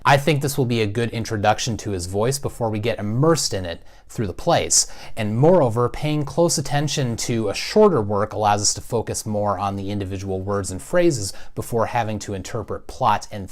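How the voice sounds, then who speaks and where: A man teaching a class, explaining things patiently and clearly and walking through spoken examples. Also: on the low side. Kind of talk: recorded classroom lesson.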